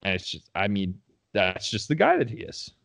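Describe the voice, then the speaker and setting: Low-voiced man on a sports podcast. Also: moderate pace, gravelly, no echo, studio quality. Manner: animated, opinionated fan talk. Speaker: podcast co-host. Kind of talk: casual sports podcast chat.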